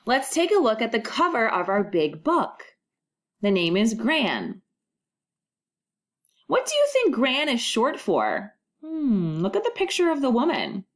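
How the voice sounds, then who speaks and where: A woman teacher records a phonics lesson for first graders. She speaks slowly and sounds out each vowel clearly. She keeps prompting the children to repeat after her and encourages them as they go. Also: fairly high pitch, huge pitch swings.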